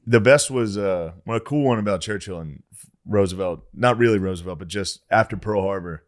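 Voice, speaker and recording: A man's voice: on the low side, fairly quick. A man co-hosting a podcast, chiming in with laid-back asides and agreement. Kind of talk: casual chat.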